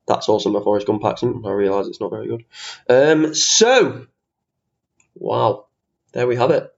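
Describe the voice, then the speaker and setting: A man's voice: medium pitch, expressive, normal speed, vocal fry, darkish tone. A young man hosting his own podcast, talking in a chatty, ranting way, swearing casually and poking fun at himself. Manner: chatty, ranty, swears casually, self-mocking. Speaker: podcast host. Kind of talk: casual solo podcast monologue. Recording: slightly dull lo-fi podcast audio.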